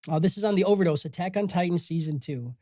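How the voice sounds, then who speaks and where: A man's voice: high-pitched, fast talker. A man hosting a podcast, reading listener comments aloud in crude, casual banter. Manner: loud, laughing, reads comments aloud.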